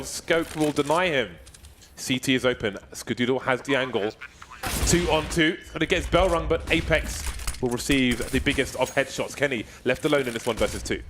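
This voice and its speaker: A man doing esports play-by-play with a joking, playful manner, drawing some lines out slowly and shooting up high on exciting calls. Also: noisy background. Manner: jokey, playful, shifts between slow drawled lines and high excited calls. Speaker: esports commentator.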